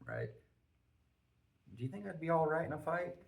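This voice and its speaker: A man's voice: on the high side, huge pitch swings, normal speed, vocal fry, recorded from a distance. A man in his forties, a podcast host, telling a profane, self-mocking story in casual chat.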